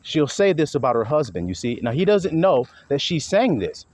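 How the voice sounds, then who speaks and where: Lively, blunt-talking man preaching. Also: fairly high pitch, moderate pace, hardly any pauses. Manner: emphatic, swings into acted quotes, blunt and profane. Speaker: online preacher. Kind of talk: preaching monologue. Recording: dull lo-fi recording with faint hiss.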